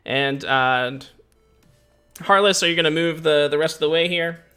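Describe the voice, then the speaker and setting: A man running a tabletop game as game master, narrating in a relaxed, hesitant way full of filler words. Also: fairly high pitch, moderate pace, clean tone, soft background music. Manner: relaxed, hesitant, lots of uhs and laughs.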